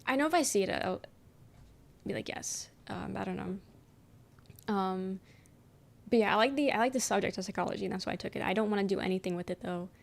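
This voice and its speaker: A young adult woman on a stream talks casually with her audience, reading their messages out loud. Her medium-pitched voice is creaky and brisk, and her rambling is packed with "um," "like," and casual cursing.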